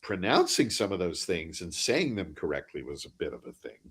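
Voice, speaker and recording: A man, an audiobook narrator, talking casually in a live online interview, animated and self-deprecating. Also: sits low, fairly quick, breathy edge. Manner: animated, self-deprecating, drops into joking mock accents. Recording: live online video chat.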